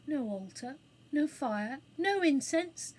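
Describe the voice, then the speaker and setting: A woman's voice: sits high, expressive, takes it slowly, a little mellow, pitched above the performer's own voice, rough recording. A woman voicing a grand, vain male phoenix in a children's storybook reading, pompous and lofty. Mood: grandly pleased.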